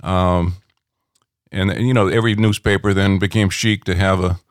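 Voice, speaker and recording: A middle-aged man, a rock critic, telling anecdotes in a relaxed interview at home, rambling with many fillers. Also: sits low, normal speed, dry recording, clean studio sound.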